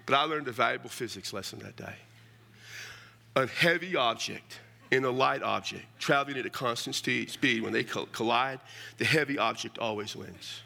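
A middle-aged man preaches in a folksy, joking way, telling stories and calling his listeners "man". His voice is gravelly and carries a bright, forceful edge, and he tells his stories with plenty of humour. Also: medium pitch, normal speed. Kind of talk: storytelling sermon.

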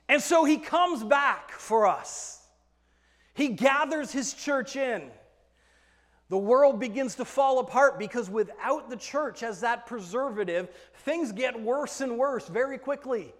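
A male pastor delivers an emphatic sermon in a high-pitched voice. He drops to hushed tones and rises to loud, stressed lines. His voice rings with the long reverb of a big hall. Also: lively intonation, takes it slowly. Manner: emphatic, swings between hushed and loud passages.

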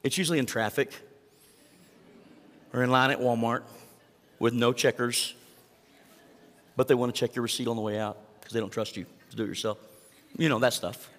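A middle-aged man preaching a sermon as pastor, telling stories in an animated way that swings from hushed to loud. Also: mid-range voice, normal speed, pauses often. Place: large church hall. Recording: long hall reverb.

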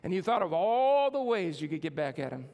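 High-voiced preaching pastor in reverberant hall. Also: male voice, very animated, brisk, gravelly, darkish tone. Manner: preaching with rising emphasis and call-and-response. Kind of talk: sermon.

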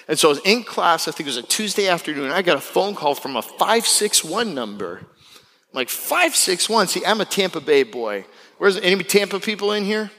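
A young man from Florida preaching a sermon as pastor, animated and acting out the people he quotes. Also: in a large hall. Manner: animated, acts out quotes with big pitch jumps. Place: church sanctuary.

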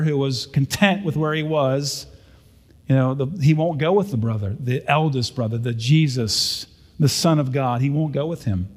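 A man's voice: mid-range voice, moderate pace, a little mellow, big-room sound. A man preaching a sermon as pastor, in a conversational style with frequent rhetorical questions. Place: church sanctuary.

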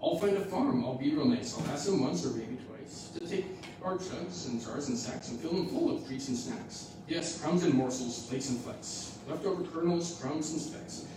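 A man's voice: on the high side, moderate pace, background noise, pitched above the performer's own voice, natural voice. A man doing earnest young widow Ruth. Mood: devoted. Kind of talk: rhyming storybook reading. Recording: echoey hall from far off.

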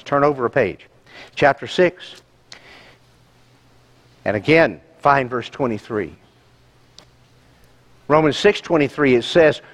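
Male pastor, slightly high voice, animated pulpit delivery with rhetorical questions. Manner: emphatic, rhetorical questions to the congregation. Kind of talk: sermon.

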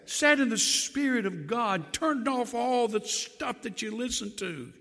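An older man, a pastor of many years, preaching a sermon that swings from loud emphatic lines to quiet low drops, with joking asides. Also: animated, unhurried, vocal fry, in a large hall.

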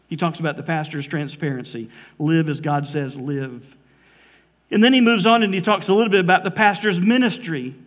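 A male pastor delivering an earnest sermon in a church, slowing down for emphasis and growing emotional at times. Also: sits high, big-room sound. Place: church sanctuary. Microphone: live preaching mic.

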